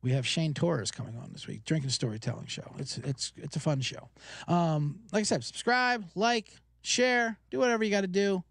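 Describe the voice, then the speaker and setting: A man hosting a podcast, telling stories in an animated, profane casual rant. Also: on the high side, moderate pace, creaky, dry recording, clean studio sound. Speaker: podcast host.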